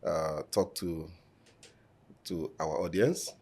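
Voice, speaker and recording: A man, answering interview questions as a candidate in a measured, formal way with frequent fillers, in a podcast studio. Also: extremely low pitch, a little mellow, husky. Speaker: election candidate.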